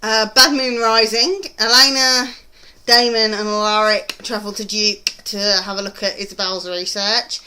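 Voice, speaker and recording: A woman's voice: mid-range voice, fairly even intonation, unhurried, pushed and bright, slight background noise. A British woman chatting casually in a TV review vlog, rambling and gushing with frequent ums. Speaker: TV review vlogger.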